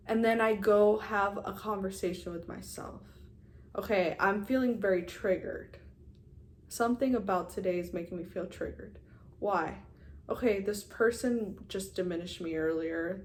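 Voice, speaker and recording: In a candid personal vlog, a young woman in her twenties chats frankly with her viewers, calling them "you guys" and swearing now and then. Her mid-range voice is a little mellow, with slight background noise.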